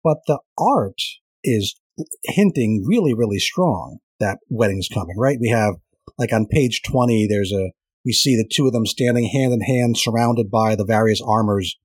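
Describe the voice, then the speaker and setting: Chatty male co-host, agreeable, slightly husky voice, dry close-mic sound. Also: fairly low pitch, a little mellow, no echo. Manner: chatty, agreeable, quick to chime in. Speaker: podcast co-host. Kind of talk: casual comic book discussion.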